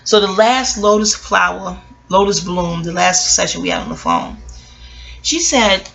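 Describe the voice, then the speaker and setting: A woman astrologer talking in a casual reflective monologue, rambling and digressive, blunt and quick to swear. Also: fairly low pitch, very animated, vocal fry, a bit bright.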